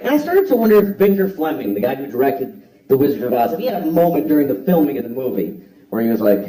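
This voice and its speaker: A man's voice: medium pitch, sing-song, fast, warm tone, a faint crowd. A man doing a blunt, profane stand-up comedy routine on a theater stage, acting out voices for a live audience. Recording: echoey hall, distant mic, audience laughter.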